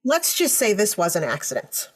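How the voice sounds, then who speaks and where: A woman's voice: mid-range voice, wildly swooping pitch, normal speed, husky. A woman hosting a podcast, casually recounting a true-crime case to her co-host and often checking in with "right?". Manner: storytelling, reads quotes aloud, frequent "right?".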